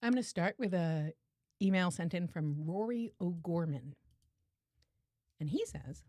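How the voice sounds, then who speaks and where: Lower-voiced, chatty female podcast co-host. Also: expressive, dry recording. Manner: chatty, warm, quick to laugh. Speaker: podcast co-host and audiobook narrator. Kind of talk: casual podcast chat.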